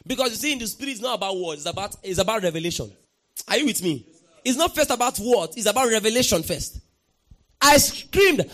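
A man with a fairly high voice preaches a sermon in an emphatic way. He keeps asking the congregation to answer back and breaks into sudden shouts. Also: lively intonation, normal speed. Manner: emphatic, calls for congregation response, bursts into shouts. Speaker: pastor.

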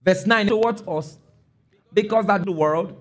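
A man preaching a sermon, emphatic, stopping often to ask his listeners if they follow and sometimes rising to a shout. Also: high-pitched, measured pace. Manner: emphatic, calls for congregation responses; rises to shouts on key phrases.

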